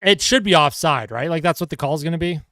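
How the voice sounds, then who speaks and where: A man's voice: fairly high pitch, fast talker, bright, forceful tone, no room sound, studio quality. A man streaming live fan reaction and play-by-play commentary, swearing and ranting about calls. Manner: exasperated, swearing, rants at calls.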